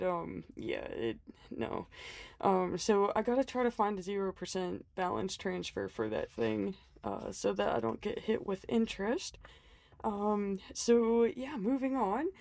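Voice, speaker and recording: A woman vlogs casually about her budget planner, sick and winded, chatting along with plenty of ums, self-deprecating jokes and small laughs. Her mid-range voice is gravelly and slightly mellow, recorded with no room sound.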